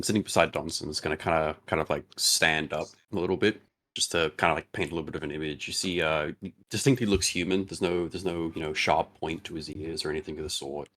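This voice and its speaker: A man's voice: extremely low pitch, a bit bright. A man playing a tabletop game, rambling through a description of his character with many fillers. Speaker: player.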